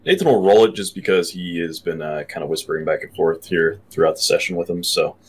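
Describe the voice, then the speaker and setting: A man at a tabletop game chatting casually in a lively way. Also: low-pitched, fast talker, breathy edge. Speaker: player.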